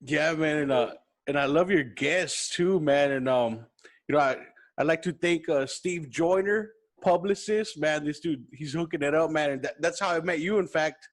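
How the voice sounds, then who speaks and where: A man's voice: fairly high pitch, normal speed. A man hosting a podcast, laughing a lot and swearing casually as he praises his guest. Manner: laughing, profane, enthusiastic. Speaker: podcast host.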